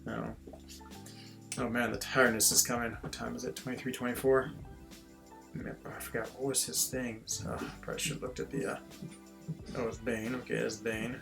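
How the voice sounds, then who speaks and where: Man from switzerland, gravelly voice, casual game-stream chatter, faint music behind. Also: mid-range voice, little pitch movement, moderate pace, pauses often. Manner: chatty, self-deprecating, reads chat aloud. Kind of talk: casual gameplay stream chat.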